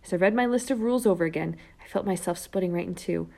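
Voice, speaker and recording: A woman reading a first-person children's novel aloud, lively and character-driven, with whispered asides. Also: lowish voice, fast talker, creaky. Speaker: audiobook narrator. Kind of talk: first-person storybook narration.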